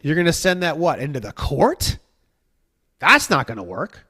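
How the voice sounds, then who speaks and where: A man's voice: fairly high pitch, very animated, moderate pace, bright, forceful tone, slightly rough. A man in casual podcast chat, rambling and profane, acting out the people he mocks in put-on voices. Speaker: guest.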